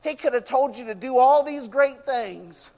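High-voiced fervent man preaching. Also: lively intonation, measured pace, creaky, a little mellow. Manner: fervent, repeats "you know what" and "I tell you". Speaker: pastor. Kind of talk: sermon. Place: church. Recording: long reverb of a church hall.

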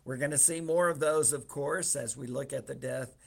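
A man's voice: medium pitch, moderate pace, vocal fry, slightly rough. A man preaching a sermon, retelling a scripture story in a conversational, folksy way with light humor.

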